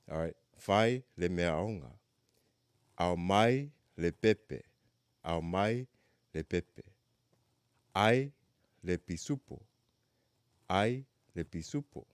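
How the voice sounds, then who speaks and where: A man giving a casual language lesson who says phrases slowly for learners to repeat. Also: deep voice, darkish tone, smooth, no room sound, studio quality. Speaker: language teacher.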